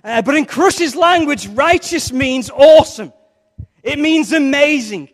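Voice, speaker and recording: A man's voice: very high-pitched, animated, measured pace. A man preaching a sermon in a conversational, jokey way, with playful asides to the congregation. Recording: long reverb of a large hall.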